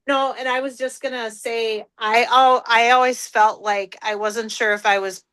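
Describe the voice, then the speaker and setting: A woman's voice: fairly high pitch, fairly even intonation, normal speed, a bit bright, clear, resonant tone, dry recording. A woman talking on a group video call, hesitant and hedging, with many fillers. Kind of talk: casual conversation on a video call.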